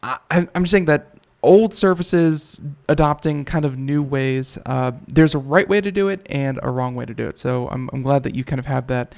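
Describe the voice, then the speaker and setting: A man's voice: mid-range voice, fairly even intonation, moderate pace, creaky, darkish tone. A man hosting a computer talk show, chatting casually and rambling with many fillers and restarts. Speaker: radio talk show host. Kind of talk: casual chat.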